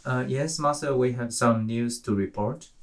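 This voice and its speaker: A man's voice: medium pitch, moderate pace. Deferential man reading out news. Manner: deferential, hesitant fillers. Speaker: follower reporting news.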